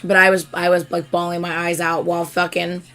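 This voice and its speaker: A young woman hosting a casual live stream, telling a story excitedly and swearing freely. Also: on the low side, brisk, soft background music. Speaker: host.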